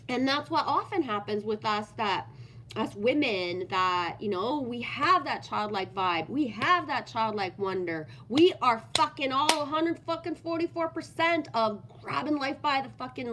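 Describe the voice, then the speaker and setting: Swearing, high-voiced woman ranting on a livestream. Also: moderate pace, slight background noise. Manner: swears constantly, ranting and animated. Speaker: livestream host reading viewer comments. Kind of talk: casual unscripted livestream chat.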